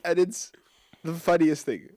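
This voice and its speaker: A man's voice: a little high, a little slow, a little mellow, no echo, studio quality. A man hosting a casual podcast chat, joking and laughing with his co-hosts, from South Africa. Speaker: radio host.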